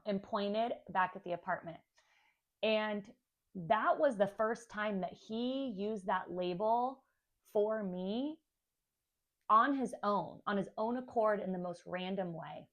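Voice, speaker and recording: A woman's voice: medium pitch, slow pace, fairly bright tone, dull audio. Young woman vlogger, candid and chatty, telling her family story to camera. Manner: candid, chatty, acts out kids' voices. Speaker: stepmom vlogger.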